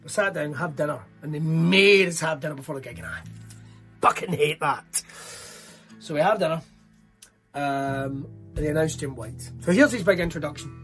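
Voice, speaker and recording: A Scottish man doing stand-up, telling stories in a sweary, animated way. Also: fairly high pitch, moderate pace, soft background music. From Scotland. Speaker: stand-up comedian. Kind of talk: stand-up routine.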